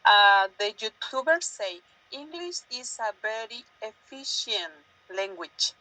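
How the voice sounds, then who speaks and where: A woman student speaking halting, hesitant English to her teacher in an online class. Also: fairly high pitch, expressive, sharp tone, dry recording, rough recording.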